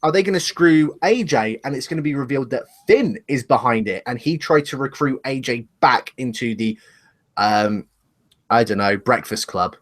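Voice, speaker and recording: A man's voice: mid-range voice, expressive, normal speed. A man co-hosting a casual live discussion show, rambling and speculating, laughing at himself, talking over a webcam. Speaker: podcast co-host.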